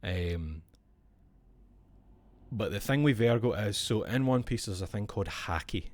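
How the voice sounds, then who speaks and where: A man's voice: fairly low pitch, expressive, measured pace. A Scottish man streaming, chatting casually and explaining with gusto, swearing freely. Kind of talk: casual chat while showing cards.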